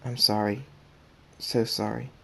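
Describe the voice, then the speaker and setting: A man voicing a kind, protective old stallion pony who is a grandfather, reading softly with small restarts. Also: medium pitch, fairly even intonation, a little slow, vocal fry. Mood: tender.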